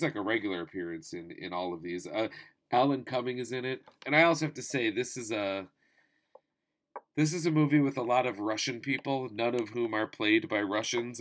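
Animated man in his thirties reviewing films. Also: lowish voice. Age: 30s. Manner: animated, profane, wry asides. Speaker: movie reviewer. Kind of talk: casual spoken movie review.

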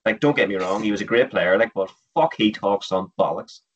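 A man's voice: on the low side, brisk, slightly rough. Sweary man, far from the mic. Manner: blunt, sweary ranting. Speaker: podcast co-host. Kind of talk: casual football chat. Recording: distant, muffled mic.

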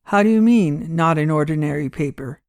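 A suspicious small-time gambler snaps back in short, blunt lines, voiced by a woman reading a story. The delivery is a touch louder and dry, with no room sound. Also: deep voice, animated, moderate pace, dry recording, pitched below the performer's own voice. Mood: curt suspicious. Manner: curt, blunt, uneasy.

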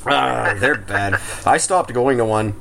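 A man's voice: medium pitch, slow pace, creaky, fairly bright tone, slight background noise. A man co-hosting a casual chat, joking dryly and laughing often at his own quips. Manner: joking, mock-quoting others, laughs often.

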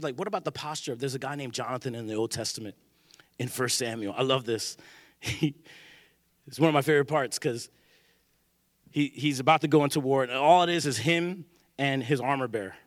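A male pastor preaching a sermon in a church, animated and joking, acting out the voices of people he quotes. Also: mid-range voice, no echo, clean studio sound.

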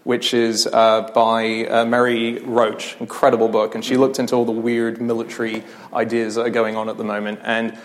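A man chatting on stage at a live podcast recording and spinning long anecdotes. He talks with animated energy, slips into voices for the people he quotes, and laughs along as he goes. His voice sits at an ordinary middle pitch. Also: moderate pace, few pauses. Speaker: podcast guest. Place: live venue with audience.

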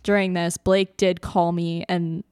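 Young canadian woman rambling through a story, lots of "like", lowish smooth voice, dry close sound. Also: level tone, a little slow, a little mellow, dry recording. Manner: chatty, frequent "like", laughs between lines. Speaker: podcast co-host. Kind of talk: casual storytelling.

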